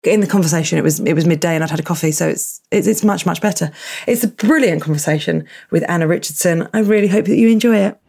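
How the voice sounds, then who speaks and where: Croaky woman hosting a podcast. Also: fairly low pitch, quick pace. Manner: warm enthusiastic interviewer, gasps and laughs. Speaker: podcast host. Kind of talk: casual chat, reading listener emails.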